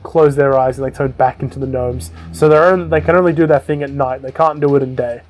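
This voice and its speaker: A man's voice: medium pitch, steady tone, fast, a little mellow, a little hiss or hum. A man co-hosting a casual chat, animatedly retelling scenes and swearing freely. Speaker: podcast co-host. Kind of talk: casual chat recapping a book and show.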